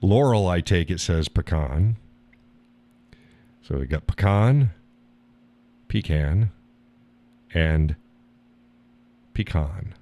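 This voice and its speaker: Slow, low-voiced American man hosting. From United States. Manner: relaxed, rambling, laughs often. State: tired. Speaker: live stream host. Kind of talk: casual chat reading viewer comments.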